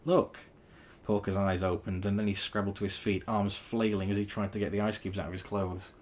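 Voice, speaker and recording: A man reading a novel aloud in a wry, animated storytelling style. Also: lowish voice, brisk, a little hiss or hum.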